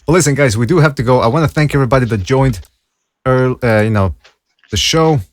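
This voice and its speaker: A man's voice: medium pitch, fast talker. A man hosting a casual podcast, laid-back and thanking his guests by name. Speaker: podcast host. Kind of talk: casual chat.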